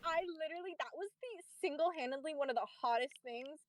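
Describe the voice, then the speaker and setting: A young woman streamer chatting casually, telling a story in an animated, profane way. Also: high voice, fast, slight background noise. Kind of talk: casual chat.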